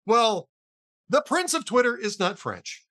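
A high, bright male voice that swoops and bounces all over the place as he chats and tells jokes. He hosts a talk radio show in a loose, casual way. The sound is dry and close. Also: very animated, measured pace, dry recording.

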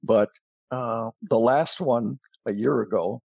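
A man who is a regular guest on a radio talk show, speaking casually in a halting way with many fillers. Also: medium pitch, gravelly, darkish tone, breathy edge, no room sound.

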